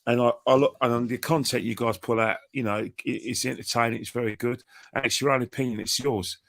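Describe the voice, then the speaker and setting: A man's voice: medium pitch, fairly even intonation, brisk, gravelly, a bit bright. A man chatting as a guest, rambling and repeating himself, cheeky in tone. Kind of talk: casual chat.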